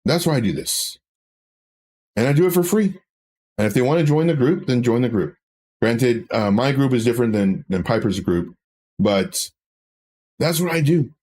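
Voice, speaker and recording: A man's voice: mid-range voice, expressive, normal speed, pauses often, a little mellow. Casting: man, trading-stream host, loose rambling storyteller, casual chat at the desk. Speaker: crypto trading educator.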